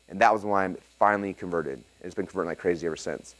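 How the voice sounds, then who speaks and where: Fast-talking, excitable male seminar presenter. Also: low-pitched. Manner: energetic and excitable, often checks in with "okay?". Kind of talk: live seminar teaching with audience questions. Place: seminar room before a live audience.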